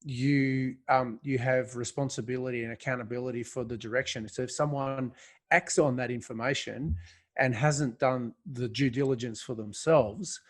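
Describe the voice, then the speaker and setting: Male podcast host; measured, thoughtful questioner, mid pitch. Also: fairly even intonation. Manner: thoughtful, hedging, restarts phrases. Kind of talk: casual podcast interview.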